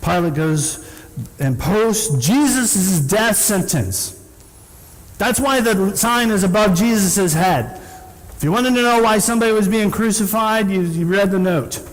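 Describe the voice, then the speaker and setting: A man's voice: high voice, lively intonation, a little slow. A man preaching a sermon as pastor, who acts out the people in the story with sudden raised voices. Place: church sanctuary. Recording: echoey church hall, faint noise.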